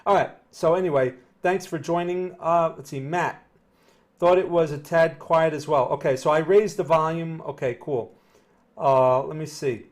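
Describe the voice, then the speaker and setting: A man's voice: fairly high pitch, fairly even intonation, normal speed. A middle-aged man with a New Jersey accent giving live market commentary, talking casually and answering viewer chat as he goes. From northern New Jersey. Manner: conversational, repeats himself, reads chat aloud. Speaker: market analyst streaming live.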